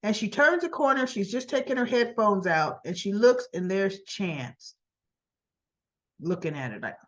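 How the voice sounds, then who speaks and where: A woman chats her way through a soap opera recap, acting out the characters' lines and clearing her throat now and then. Her voice sits at an ordinary middle pitch. The recording sounds a little dull and lo-fi. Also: lively intonation, measured pace, fairly bright tone. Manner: chatty, acts out dialogue in quotes, frequent throat clearing. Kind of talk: casual retelling of episode scenes.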